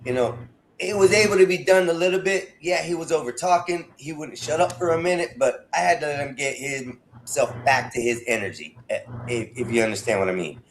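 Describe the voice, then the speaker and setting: A man with a fairly high voice leads the panel and makes his points in an earnest, emphatic way. A faint noise sits under his voice. He sounds like he is talking on an online stream. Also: brisk, rough recording. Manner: emphatic, earnest, says listen. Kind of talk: casual panel debate.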